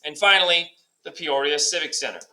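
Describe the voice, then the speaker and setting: Teacher guy, bright punchy voice, rattling off class steps, bit jokey. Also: on the high side, low-quality recording. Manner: brisk, step-by-step, lightly joking. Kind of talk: classroom instructions recorded for a substitute.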